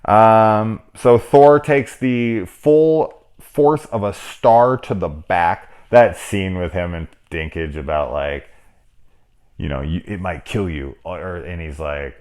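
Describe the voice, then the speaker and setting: A man in his forties giving a casual, rambling film review, swearing freely and laughing at his own jokes. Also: low voice. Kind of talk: casual spoilery movie discussion.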